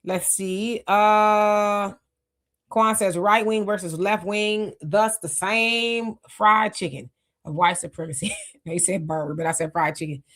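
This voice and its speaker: A middle-aged woman hosting a live stream, reading viewer comments and talking loosely with many fillers and restarts, her mouth dry from fasting. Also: medium pitch, steady tone, a bit bright. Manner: loose, conversational, reflective, with frequent fillers and restarts. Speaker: livestream host reading chat comments. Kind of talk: casual live talk.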